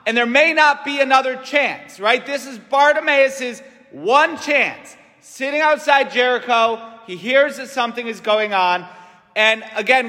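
Bright-voiced male preacher in a reverberant church. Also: sits high. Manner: conversational, frequent "right?" tag questions. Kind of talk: homily.

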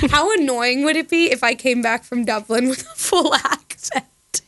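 A woman's voice: high voice, fairly bright tone, no room sound. A young woman co-hosting a podcast in casual chat, giggling often and filling her talk with "like". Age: young adult. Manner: giggly, talks fast with lots of fillers, slips into put-on accents. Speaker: podcast co-host.

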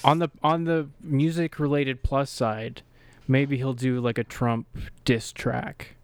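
A man's voice: medium pitch, level tone, slow pace, smooth, dry recording. A man co-hosting a podcast in casual chat, joking and chuckling at his own bits. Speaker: podcast co-host.

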